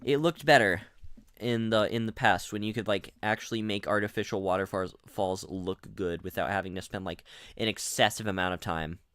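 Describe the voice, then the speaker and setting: A man's voice: lowish voice, moderate pace, a bit bright, clear, resonant tone, dry recording. A young man rambling through casual gameplay commentary as a streamer, often restarting his sentences and reading out chat messages. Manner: rambling, chatty, many restarts. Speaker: gaming streamer.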